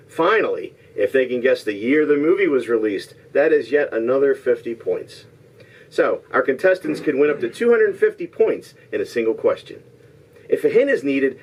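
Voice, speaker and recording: A man hosting a homemade trivia game show, explaining the rules plainly and reading clues slowly and deliberately. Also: medium pitch, darkish tone, recorded from a distance.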